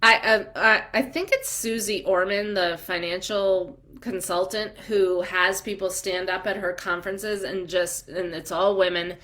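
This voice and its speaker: Woman, 40s, business coach hosting a livestream; slow and unhurried, chatty, upbeat and encouraging, lots of ums. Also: medium pitch, steady tone, pushed and bright. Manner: chatty and upbeat, reading out viewer comments; encouraging, with frequent ums and trailing asides. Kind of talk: live-streamed coaching chat.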